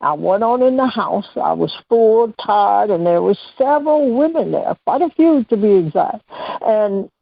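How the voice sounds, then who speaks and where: A woman guest, telling a personal story on a radio talk show and acting out the dialogue with lively energy. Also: medium pitch, moderate pace, vocal fry, no room sound. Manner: animated storyteller who acts out dialogue. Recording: dull, dry radio-show audio.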